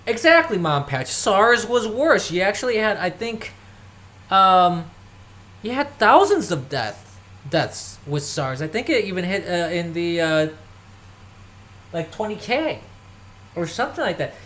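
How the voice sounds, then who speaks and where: This podcast host's mid-range voice is sing-song and a bit bright, a little slow and full of pauses. Alone, they rant about politics, scoffing and mockingly mimicking others, with the odd cough as they move around the house tidying.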